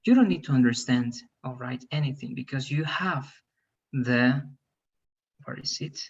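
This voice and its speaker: Husky man teaching over a dull line. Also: medium pitch, unhurried. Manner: repetitive, checks in with "all right?". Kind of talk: online class instructions.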